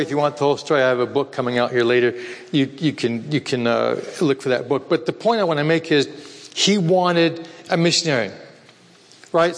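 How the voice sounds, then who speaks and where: A man telling a missionary story in a lively, animated way, acting out the voices of the people in it. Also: mid-range voice, big-room sound. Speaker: missionary speaker. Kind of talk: storytelling talk.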